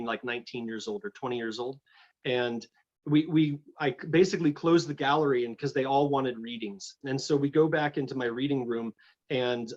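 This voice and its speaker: A middle-aged man telling a personal story as a guest in an interview, animated and full of restarts. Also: mid-range voice, dull audio. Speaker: guest, energy healer.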